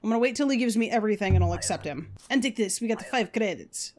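A woman hosting a video game let's play, excitable and quick to yell and swear at the game. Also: mid-range voice. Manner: excitable, yelps and shouts at the game; swears freely.

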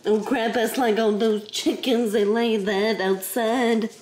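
A woman voicing a boastful young female dog who chatters playfully and gets easily excited. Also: fairly high pitch, takes it slowly, slight background noise.

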